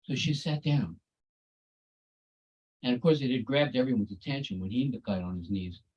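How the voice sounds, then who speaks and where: A man's voice: mid-range voice, moderate pace, a little mellow, slightly rough, poor audio. A man giving a devotional talk over a video call, telling stories in a conversational way with folksy asides. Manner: conversational, folksy asides like "you know" and "cool, eh".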